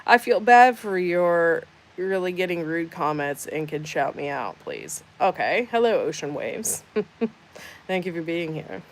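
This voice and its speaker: A woman's voice: lowish voice, very animated, unhurried, slight background noise. A woman hosting a casual livestream, reading out chat comments with sarcastic, teasing banter. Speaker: livestream host.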